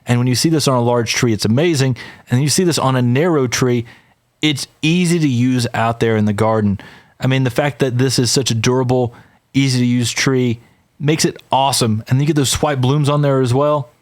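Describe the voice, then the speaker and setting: A podcast co-host speaks in a brisk, medium-pitched male voice. He talks casually and enthusiastically, calling his listeners "y'all."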